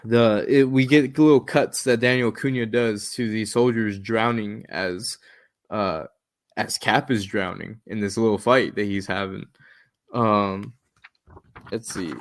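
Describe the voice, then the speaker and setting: A man's voice: on the low side, a little slow. A man on a podcast, casually retelling a comic book's plot scene by scene and quoting characters' lines along the way. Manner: animated retelling with quoted lines. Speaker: podcast co-host.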